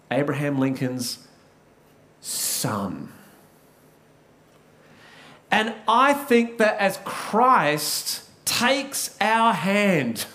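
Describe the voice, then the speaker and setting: Australian male pastor, high voice, unhurried earnest sermon storytelling, repeats words as he goes.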